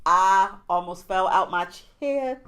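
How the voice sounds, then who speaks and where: A woman's voice: mid-range voice, takes it slowly. A woman co-hosting a podcast, chatting casually about TV and acting out scenes with lots of laughter. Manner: animated, laughing, acts out scenes from shows. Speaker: podcast co-host.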